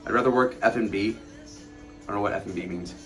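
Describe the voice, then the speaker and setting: A man's voice: lowish voice, fast talker, a bit bright, faint music behind. A man in his twenties chatting on a late-night livestream, rambling, swearing and mocking people while he answers chat. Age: 20s. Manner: rambling, profane, mocking storytelling; reads and answers chat messages aloud.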